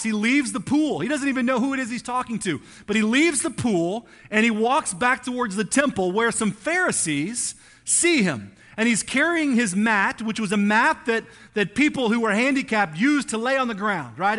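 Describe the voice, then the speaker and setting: A man's voice: high voice, a bit bright. A male pastor preaching a sermon in a church, telling the story in a conversational, emphatic way. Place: church before a congregation.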